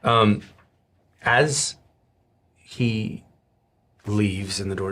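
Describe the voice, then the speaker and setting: A man narrating a tabletop game as game master, telling the story dramatically with halting restarts. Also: lowish voice, steady tone, a bit bright.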